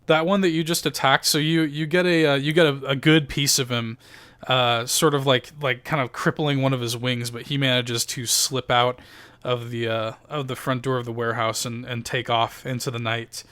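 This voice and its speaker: A man's voice: medium pitch, flat delivery, normal speed, fairly bright tone, clean tone. A man narrating a tabletop role-playing game as game master, in a loose, chatty way full of fillers.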